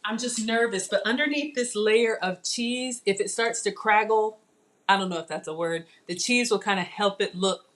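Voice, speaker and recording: A woman's voice: mid-range voice, normal speed. Chatty woman hosting a live cooking demo. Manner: chatty, excitable, talks to viewers as y'all. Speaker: cooking show host.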